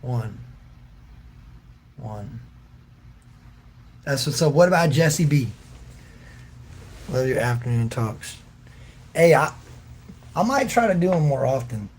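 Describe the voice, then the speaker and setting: A man's voice: mid-range voice, expressive, slow, long pauses, a little mellow, breathy edge. A man hosting a casual livestream, reading out viewers' comments and answering in a loose, joking, slangy way with frequent laughs. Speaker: livestream host reading chat.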